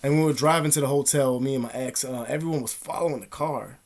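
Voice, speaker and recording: Male vlogger, mid-pitched, loose and profane, retelling events in a rambling monologue. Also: fast. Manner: rambling, profane, animated storytelling. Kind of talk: casual monologue.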